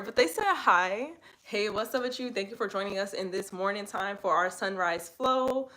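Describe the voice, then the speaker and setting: A young woman instructor leading a live yoga class. She chats casually with viewers and guides breathing and poses in a steady, easy voice. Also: mid-range voice, moderate pace, hardly any pauses. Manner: casual slangy chat, laughs often, reads viewer comments aloud; soft, steady breathing cues while guiding poses.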